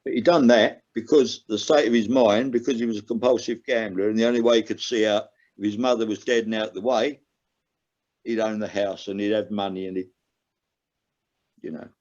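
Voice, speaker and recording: A man's voice: on the low side, fairly even intonation, a little fast, a little mellow. An older man with an earnest, emotional way of talking, telling his own story as a podcast guest. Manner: earnest, emotional, rises sharply when stressing a point. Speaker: guest, recovering gambler. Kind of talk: candid personal storytelling. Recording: dull lo-fi sound.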